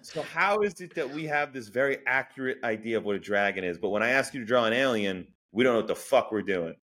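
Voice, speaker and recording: Animated, swearing podcast co-host man. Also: medium pitch, quick pace. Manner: animated, swears, goofy rants. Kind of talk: casual sports chat.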